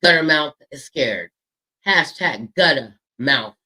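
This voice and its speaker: A man's voice: a little high, animated, slow pace, bright, forceful tone, low-quality recording. A man hosting an online drama show, taunting and insulting a rival with constant profanity. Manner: profane taunting, stretching words for emphasis. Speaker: show host. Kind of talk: heated drama commentary.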